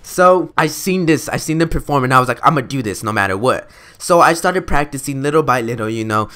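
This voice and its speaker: A man's voice: mid-range voice, lively intonation, brisk, pushed and bright. A young man in a casual storytime vlog, talking slangy and loose, calling his viewers guys and dude. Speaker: vlogger.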